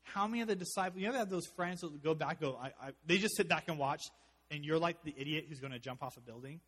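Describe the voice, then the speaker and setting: A man preaching a sermon as pastor, animated, with joking asides, swinging from loud to hushed. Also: a little high, fast talker, husky, in a large hall.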